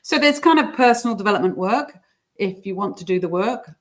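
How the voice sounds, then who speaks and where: A woman explaining coaching techniques in a casual interview, sometimes putting on squeaky voices for examples. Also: lively intonation, fairly quick. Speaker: guest coach.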